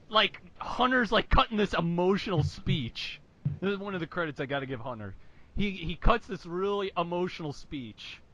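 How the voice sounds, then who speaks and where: A man's voice: a little high, dry recording. A man co-hosting a wrestling podcast, chatting casually and laughing as he recounts moments. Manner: animated, laughs while recounting. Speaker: podcast co-host. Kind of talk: casual chat. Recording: dull lo-fi audio.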